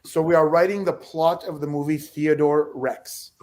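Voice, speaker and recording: Slightly high-voiced guy hosting a game stream, jokey and upbeat. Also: fairly even intonation, normal speed, a little mellow. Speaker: game host. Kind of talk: casual streamed chat.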